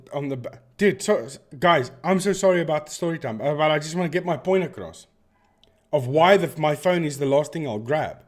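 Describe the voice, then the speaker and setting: A man from Africa, hosting a casual live stream and telling long, meandering stories with frequent restarts. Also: a little high. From South Africa. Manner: rambling, digressive storyteller who often restarts sentences.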